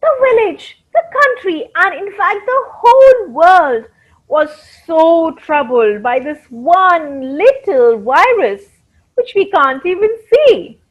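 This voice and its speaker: A woman reading a story to children in an animated way, talking straight to her young listeners. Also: very high voice, slow pace. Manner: animated, addresses the children directly. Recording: dull lo-fi recording.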